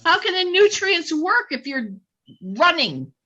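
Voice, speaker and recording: A woman's voice: extremely high pitch, big pitch swings, measured pace, sharp tone, dull audio, a little hiss or hum. A woman spiritual healer leading a live online session, insisting and repeating her points emphatically.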